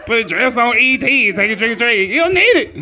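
A man's voice: very high-pitched, very animated, a little fast, bright, forceful tone. A man doing a crude, profane stand-up comedy set on a club stage, laughing at his own jokes.

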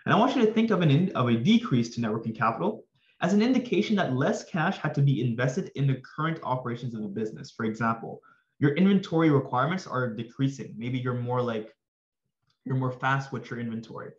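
A man walks students through a finance topic in a loose, upbeat way, tossing in slangy asides as he explains. His voice is slightly hoarse, as if he is losing it. The recording sounds roomy and a little dull. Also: mid-range voice, fast talker. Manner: energetic, addresses viewers with slangy asides. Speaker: finance tutor. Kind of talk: casual exam-prep lesson.

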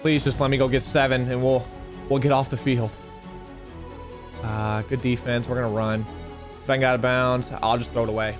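A man giving live commentary over his own video game match, excitable and talking straight at the game as he plays. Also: medium pitch, normal speed, pauses often, over music. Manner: excitable, talks and pleads at the game.

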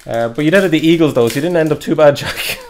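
Young man, card-break host, upbeat and chatty, gravelly edge. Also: fairly high pitch, fast talker, a little hiss or hum. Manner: chatty, upbeat, lots of fillers. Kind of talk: live card break commentary.

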